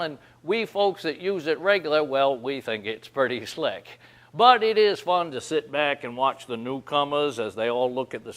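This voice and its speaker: A folksy man tells comic yarns in a slightly high voice. He talks like a down-home storyteller and chuckles as he goes. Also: a bit bright. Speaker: host of a humor segment.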